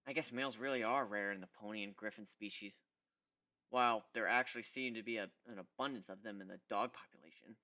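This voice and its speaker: A man giving an expressive first-person dramatic reading of a fan fiction story. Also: fairly low pitch. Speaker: reader.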